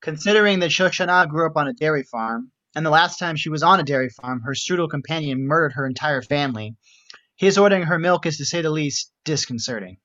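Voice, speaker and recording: A man's voice: fairly high pitch, expressive, brisk, sharp tone. Wry male narrator on a lo-fi mic. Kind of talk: reading stage directions with commentary.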